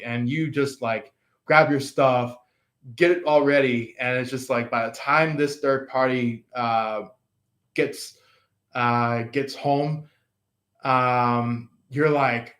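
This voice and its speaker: A man giving a casual tarot reading, rambling and halting with many fillers. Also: mid-range voice, fairly even intonation, a bit bright. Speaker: tarot reader. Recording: roomy echo.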